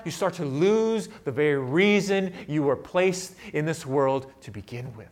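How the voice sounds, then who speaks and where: A man's voice: a little high, lively intonation, a little slow, hardly any pauses. Man preaching with dramatic volume swings. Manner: dynamic preaching, swinging between loud emphatic peaks and quiet asides; asks the audience rhetorical questions. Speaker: pastor. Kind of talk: sermon.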